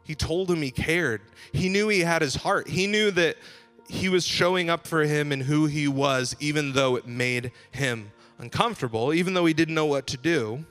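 Man, pastor, casual conversational sermon, somewhat high voice, loose delivery with restarts. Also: normal speed, a bit bright, clear, resonant tone, soft background music.

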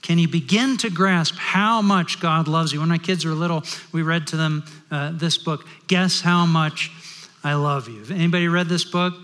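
Middle-aged male pastor, somewhat high voice, storytelling sermon, echoing sanctuary. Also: steady tone, moderate pace. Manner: storytelling, shifting from loud to hushed. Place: large worship hall. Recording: long hall reverb.

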